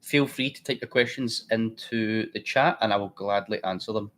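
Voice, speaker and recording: A man's voice: fairly low pitch, normal speed, a bit bright. Chatty man hosting a trading stream. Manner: chatty, blunt, thinks aloud while clicking around. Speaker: trading livestream host. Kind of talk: casual live trading commentary.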